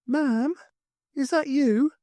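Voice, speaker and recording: An eerie possessed child in a dry, close audiobook read, the voice pushed up high and thin. It speaks calmly and accuses without raising itself, as a male reader puts it on. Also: slow pace, dry recording. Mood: timid. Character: possessed small boy speaking as dead girl.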